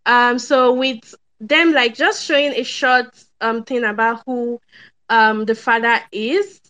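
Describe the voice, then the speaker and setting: A woman's voice: on the high side, steady tone, slow, sharp tone, smooth. A woman hosting a film review podcast, talking casually and thinking aloud with lots of hesitant fillers.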